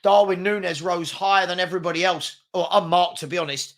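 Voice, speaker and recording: A chatty Englishman co-hosts a live stream, giving casual football commentary. His slightly high voice is steady and fairly bright, and he talks a little fast. He rambles, with plenty of fillers and restarts.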